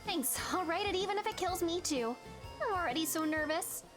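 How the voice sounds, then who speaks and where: Streamer girl voicing a jittery lovesick teen girl, kinda dramatic, high and lively, game music in the back. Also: a little fast. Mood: nervous. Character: nervous dramatic teenage girl in love.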